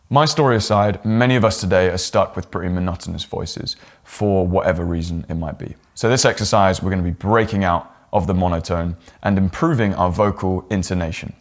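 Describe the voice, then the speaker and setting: Young guy, lowish voice, teaching to camera, stretches his pitch way up and down to show how. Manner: demonstrates exaggerated pitch swings and rising or falling inflection. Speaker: presentation coach. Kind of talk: on-camera coaching lesson. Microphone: talking straight to camera.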